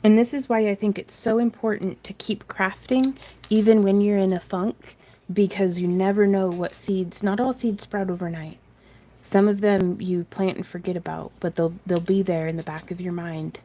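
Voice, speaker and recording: A woman's voice: mid-range voice, fairly even intonation, moderate pace, warm tone. A woman hosting a live crafting stream from her craft room, chatting in a rambling, self-deprecating way and reading viewer comments aloud. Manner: rambling and self-deprecating, laughs often, reads chat aloud. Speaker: craft tutorial host.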